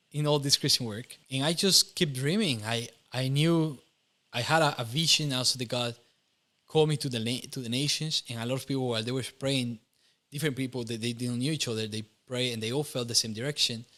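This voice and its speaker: Young man, Costa Rican Spanish accent, bright tone, earnest testimony, laughs often. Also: medium pitch. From Costa Rica. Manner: earnest, laughs often, self-corrects mid-sentence. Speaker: interview guest. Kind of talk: personal testimony.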